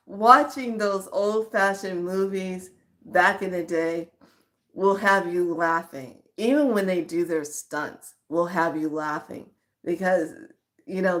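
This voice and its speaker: A woman vlogger in relaxed, casual chat with her audience. She giggles through her sentences and keeps an easy, fond tone toward her listeners. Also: fairly low pitch. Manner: giggly, chatty, calls viewers lovelies. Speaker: spiritual vlogger.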